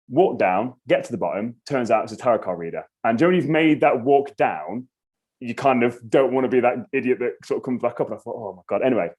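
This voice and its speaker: A man, a podcast guest telling a story in casual chat, animated and swearing freely. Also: on the low side. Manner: animated, swears freely, acts out his own reactions.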